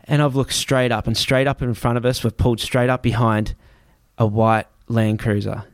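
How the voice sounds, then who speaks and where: A man's voice: mid-range voice, flat delivery, normal speed, dry recording. Swearing man telling a tense story. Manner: heavy swearing, vivid re-telling with restarts. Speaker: guest. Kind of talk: casual spoken storytelling. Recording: dry close sound.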